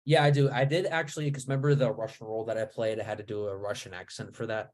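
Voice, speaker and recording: A man's voice: fairly low pitch, quick pace. Easygoing male podcast co-host. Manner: relaxed, easygoing, laughs often. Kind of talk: casual chat.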